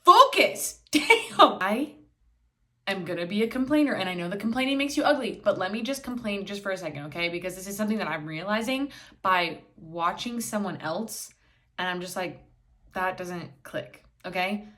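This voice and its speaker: A woman's voice: medium pitch, fast talker, fairly bright tone. Young woman, solo podcast host; candid, blunt, casual, swears freely, acts out quotes; recorded on camera indoors. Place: indoors, filming herself on camera.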